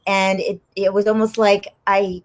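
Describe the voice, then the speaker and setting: Woman, chat show guest, casual chat, animated storytelling, frequent laughs. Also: medium pitch, a little slow. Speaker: guest actress and comedian.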